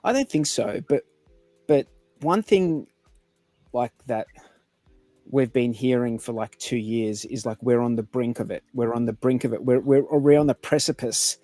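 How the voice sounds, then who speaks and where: A man's voice: mid-range voice, unhurried, warm tone, no echo, soft background music. A man, co-hosting a casual podcast, telling a story and laughing often. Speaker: podcast co-host. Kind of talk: casual chat, telling a joke.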